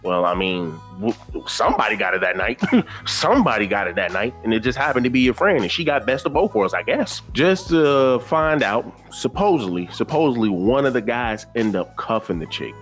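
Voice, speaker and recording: A man hosting a reaction commentary channel, talking bluntly and repeating his points in casual slang. His voice sits at a middling pitch, and faint music plays underneath. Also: very animated, normal speed, a bit bright. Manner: blunt, repetitive, preachy slang-filled talk.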